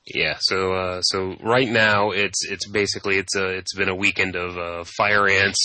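A man's voice: low voice, little pitch movement, normal speed, bright, forceful tone, no room sound. A man co-hosting a card game podcast, joking wryly in casual chat. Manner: joking, wry. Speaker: podcast co-host.

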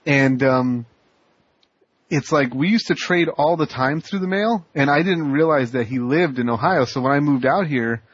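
Husky man telling a rambling story. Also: fairly high pitch, moderate pace, no echo. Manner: rambling, animated anecdote with many restarts and laughs. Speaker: podcast co-host. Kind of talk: casual chat, storytelling. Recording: muffled lo-fi podcast audio.

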